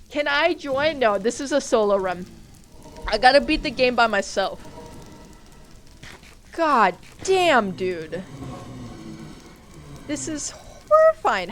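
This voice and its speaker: A woman's voice: fairly high pitch, animated, slow, pauses often. A woman streaming a game live, talking to her chat, jumpy and swearing as she plays. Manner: jumpy, swears, talks to chat while playing.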